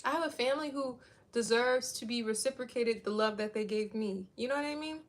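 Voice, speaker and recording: A vlogger in her thirties talks to her viewers in a high, fairly quick voice. She chats casually and rambles, saying "like" constantly.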